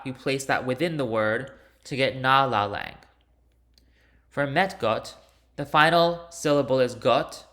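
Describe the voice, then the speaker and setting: A man's voice: medium pitch, pushed and bright. A man teaching linguistics, walking through a homework solution step by step in a recorded lecture, with some fillers and restarts. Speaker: linguistics instructor.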